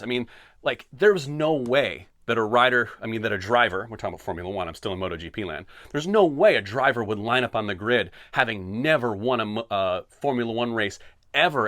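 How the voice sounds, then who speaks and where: A man's voice: medium pitch, no echo, studio quality. Sarcastic man ranting on a podcast. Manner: animated, sarcastic, tongue-in-cheek. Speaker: podcast host. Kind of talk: opinionated solo podcast rant.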